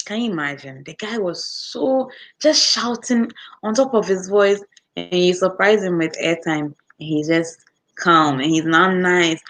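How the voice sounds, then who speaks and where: A woman with a Ghanaian English accent, chatting casually with her viewers. She tells her stories with a lot of life and slips into the voices of the people in them. Her voice sits a little low. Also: slight background noise. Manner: animated storytelling, acts out customers with quick voice switches and laughter. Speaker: customer service worker, vlogger. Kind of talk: casual chat answering viewer comments.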